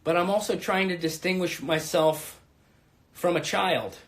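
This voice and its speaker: A man's voice: high voice, unhurried, fairly bright tone. A man in his thirties hosting a live-streamed stand-up set from home, with a rambling, profane, self-mocking manner. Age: 30s. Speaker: stand-up comedian and host. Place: home in Brooklyn.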